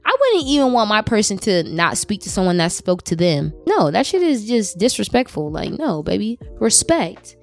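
A woman hosting a podcast and giving advice in a blunt, profane, casual way. She often jumps up into high squeaky tones. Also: sing-song, normal speed, gravelly, hardly any pauses, soft background music. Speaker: podcast host.

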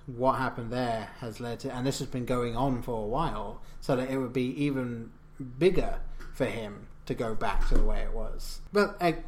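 A man's voice: medium pitch, slight background noise. A man, co-hosting a podcast and chatting casually about a film, rambling and correcting himself as he goes. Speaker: podcast co-host. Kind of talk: casual film review chat.

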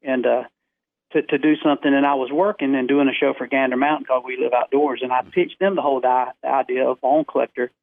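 A man, a radio guest on the phone, telling a story in a lively way with quick restarts. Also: medium pitch, vocal fry, dry recording. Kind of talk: animated storytelling. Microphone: telephone. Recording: tinny dry phone line.

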